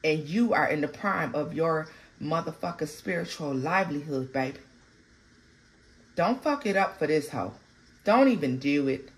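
A woman giving a casual, animated tarot reading, blunt and full of profanity. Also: deep voice, normal speed. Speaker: tarot reader.

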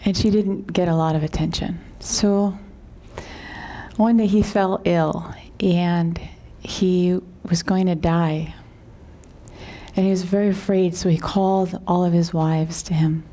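A woman yoga teacher telling a parable in a calm, unhurried way, sometimes dropping to a whisper and often asking "right?". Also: on the low side.

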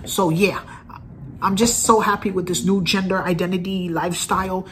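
A man's voice: high voice, steady tone, fairly quick, a bit bright. A man in his thirties, talking casually to camera as a vlogger in an earnest, rambling way and repeating phrases. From United States. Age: 30s. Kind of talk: casual direct-to-camera vlog.

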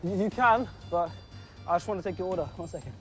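A young man posing as a fast-food worker in a prank video, putting on a hammy American drawl. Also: sits high, fairly bright tone. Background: music.

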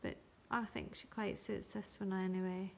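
A woman teaching colouring and shading on a live stream, talking gently step by step and thanking viewers by name. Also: medium pitch, flat delivery, normal speed, creaky. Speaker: craft tutor.

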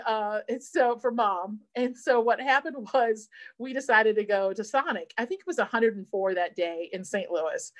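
Woman, middle-aged, insurance advisor, chatty seminar storytelling. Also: fairly high pitch. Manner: chatty storyteller, quotes family in lively voices. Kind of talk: seminar talk with personal story.

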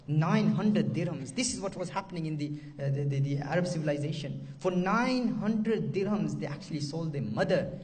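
Male preacher, impassioned, repetitive sermon delivery, fairly high mellow voice, distant mic. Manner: impassioned, repeats phrases, Arabic devotional phrases. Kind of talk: emotional sermon storytelling.

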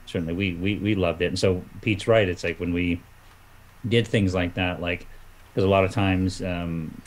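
A man with a very low voice, chatting as a guest comic artist. He rambles through old memories, with plenty of "you know" and restarts. Loose, unscripted conversation. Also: steady tone, normal speed, a little hiss or hum, poor audio. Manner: rambling with many fillers and restarts. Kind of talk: casual chat.

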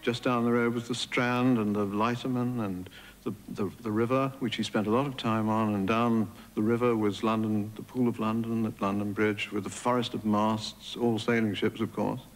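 A man's voice: lowish voice, little pitch movement, moderate pace, long reverb tail, poor audio. A man recounting an artist's early life in anecdotal style, with small restarts, for a documentary. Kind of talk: documentary storytelling.

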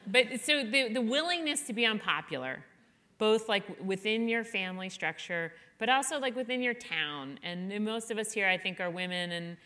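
A woman's voice: mid-range voice, lively intonation, moderate pace, pushed and bright. A middle-aged woman, an author guest, talking candidly and chattily on a live event stage, self-deprecating and full of "like.". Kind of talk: candid conversational interview.

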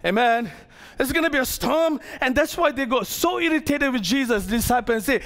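A man preaching a sermon as pastor to his congregation, animated, acting out the characters of the story and joking with the crowd. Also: very high voice, fairly quick, hardly any pauses. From Malaysia. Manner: playful asides to the congregation.

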